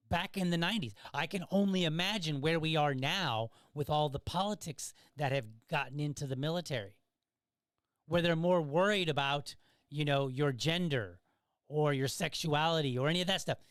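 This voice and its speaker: Middle-aged guy rambling on his podcast, kinda high-ish voice, dry close sound, keeps saying "right?". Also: dry recording. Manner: conversational storytelling, often checks in with "right?". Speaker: podcast host. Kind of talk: casual commentary monologue.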